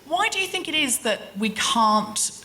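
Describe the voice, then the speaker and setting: A woman hosting a live comedy podcast on stage, chatting animatedly and acting out voices. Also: moderate pace. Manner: animated, acts out voices with big pitch jumps. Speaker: podcast host. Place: live theatre stage with audience. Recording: roomy hall with audience noise.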